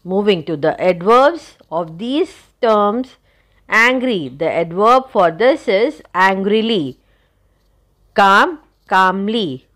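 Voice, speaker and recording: A woman's voice: medium pitch, lively intonation, takes it slowly, fairly bright tone. A woman teacher explaining a grammar lesson, spelling out letters and addressing her students.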